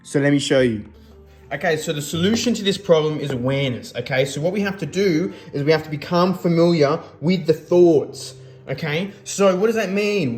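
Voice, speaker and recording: A man's voice: a little high, a little mellow. An Australian man giving a raw, unscripted self-help talk in a casual, sweary way, checking in with "okay?" often.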